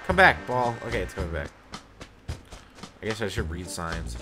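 Casual gamer man, crude jokey commentary, lively pitch, game music behind. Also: normal speed. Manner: crude, joking, lots of swearing. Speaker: gamer, channel host.

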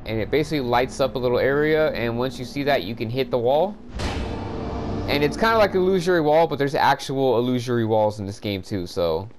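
A man's voice: mid-range voice, a little fast, slight background noise. Frustrated swearing man narrating a game. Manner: frustrated, swearing, exasperated rants. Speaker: gameplay commentator. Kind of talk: walkthrough commentary.

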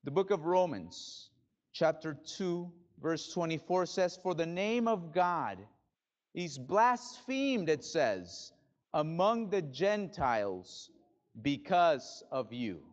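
A male pastor preaching a sermon in a church, dramatic, swinging from loud bursts to hushed drops. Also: a little high, big pitch swings, slow pace, dull audio. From Spanish-speaking background. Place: church sanctuary.

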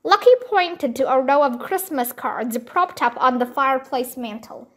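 A woman reading a children's mystery book aloud, slow and careful. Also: high-pitched, lively intonation, fairly bright tone. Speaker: storybook reader.

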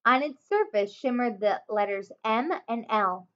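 A woman teacher reading a children's chapter book aloud, expressive, with small slips and self-corrections. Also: a little high, unhurried. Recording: dull lo-fi home recording.

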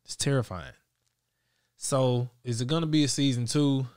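A man's voice: medium pitch, normal speed, a little mellow, clean tone. A man hosting a podcast in casual chat, rambling and joking, swearing freely. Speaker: podcast host.

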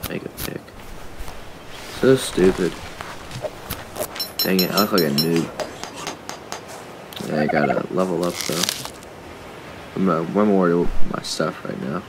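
Gravelly low-voiced man grumbling at a game. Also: unhurried, pauses often, noisy background. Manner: frustrated, talks to the game and viewers. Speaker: gaming YouTuber. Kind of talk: casual game commentary.

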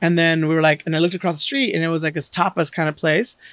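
A man's voice: on the high side, fast, no echo. A man hosting a podcast, chatting casually and acting out quoted lines as he tells stories. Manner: animated storyteller, acts out quotes. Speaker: podcast host. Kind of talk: casual chat.

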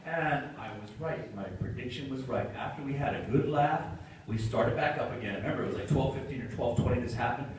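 A man with a medium-pitched, brisk voice shares an animated stage anecdote at a convention panel, performing the quotes and laughing a lot. The sound comes from a distant mic in a large, noisy hall.

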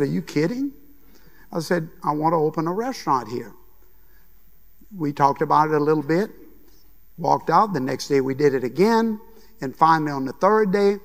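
An older man from Louisiana with a Cajun accent, telling a folksy, animated story as a chef giving a conference keynote. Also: on the high side. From Louisiana, USA. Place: large conference hall. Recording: long reverb of a large hall.

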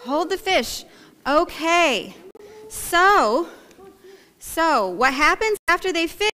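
A woman's voice: extremely high pitch, sing-song, slow, bright, forceful tone. A woman pastor leading a playful, interactive children's story, coaxing the kids to act it out. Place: church sanctuary. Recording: echoey church hall.

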